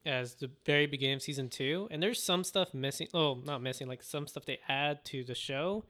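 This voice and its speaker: A man's voice: on the high side, a little fast, pushed and bright. A man co-hosting a podcast, casually retelling an anime episode in a rambling way and acting out the characters' lines. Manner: rambling storyteller, acts out quoted voices. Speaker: podcast co-host. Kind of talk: casual anime recap chat.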